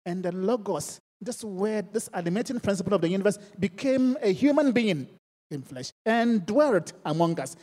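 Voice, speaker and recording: A woman preacher delivers a sermon that moves between English and a local language. Her voice is warm and relaxed, and the sound carries the long echo of a big hall. She drops to near-whispers and then rises to loud, ringing lines. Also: mid-range voice, moderate pace.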